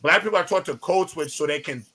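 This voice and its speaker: A man's voice: high-pitched, quick pace, bright, forceful tone. A man co-hosting a podcast, arguing his point emphatically in casual chat. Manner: emphatic, argumentative. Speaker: podcast co-host.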